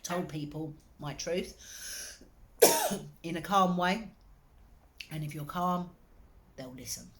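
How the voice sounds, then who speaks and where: Low-voiced woman giving earnest advice. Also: lively intonation, slow, long pauses, noisy background. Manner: earnest, encouraging, speaks straight to the listener. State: slight throat irritation. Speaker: wellbeing coach. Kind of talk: direct-to-camera advice talk.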